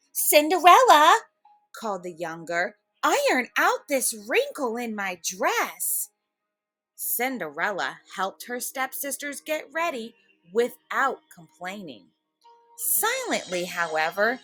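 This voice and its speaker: A woman teacher reading a fairy tale aloud for a lesson, slow, expressive and clearly enunciated. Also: fairly high pitch, no room sound, rough recording. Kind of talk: storybook read-aloud lesson.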